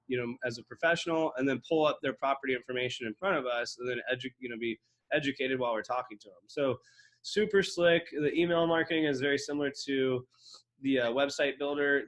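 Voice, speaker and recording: A man giving a casual walkthrough of real estate software, rambling with lots of fillers and restarts. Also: mid-range voice. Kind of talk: casual screen-share walkthrough.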